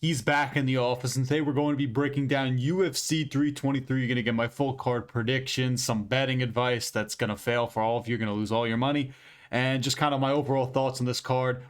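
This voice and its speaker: A man hosting a fight predictions show from his office, talking loosely and swearing freely. He rambles from bout to bout and jokes at his own expense. His pitch sits right in the middle for a man. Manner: profane, self-mocking, rambling. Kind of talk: casual predictions monologue. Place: home office.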